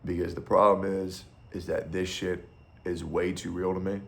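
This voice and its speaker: A man with a very low, gravelly voice delivers a blunt, profane rant straight to his viewers. He talks in a loose, opinionated monologue, and a faint hiss sits under the recording. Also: little pitch movement, normal speed. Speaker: streamer. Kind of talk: casual ranting monologue.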